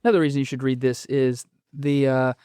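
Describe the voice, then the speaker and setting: Male guest explaining ideas, halting and thoughtful, dry close mic. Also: mid-range voice, fairly even intonation, dark tone, clean tone, dry recording. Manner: thoughtful, explanatory, frequent ums and restarts. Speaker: podcast guest. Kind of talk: casual conversational interview.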